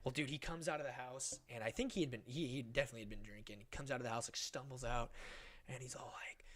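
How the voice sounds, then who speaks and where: A young man in his twenties, a podcast guest telling a story in casual chat, animated and swearing a lot, acting out the voices of people in it. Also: medium pitch, quick pace.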